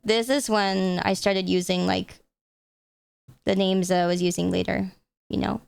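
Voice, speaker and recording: A young woman streamer chatting casually while playing games, swearing freely and getting excitable. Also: mid-range voice, a little slow, gravelly, smooth, dry recording. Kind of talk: casual live-stream chat.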